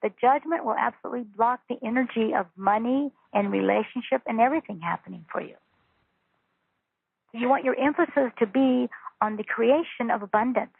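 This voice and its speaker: A woman, a spiritual teacher, talking calmly and earnestly as a guest on a phone interview. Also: a little high, vocal fry, slightly rough, no echo. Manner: calm, earnest, instructive. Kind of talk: interview over a phone call. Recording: tinny phone line.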